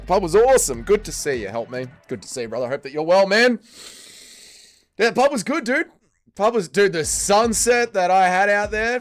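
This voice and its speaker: Energetic young Australian man, mate-heavy. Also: on the high side. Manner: energetic and slangy, reads out chat names, calls everyone mate. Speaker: livestream host. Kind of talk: casual livestream chat.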